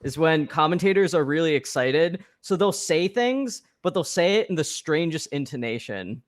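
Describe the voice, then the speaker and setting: Lively, high-pitched joking man. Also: normal speed. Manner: expressive, jokey, with squeaky impressions. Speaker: podcast co-host. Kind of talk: casual chat.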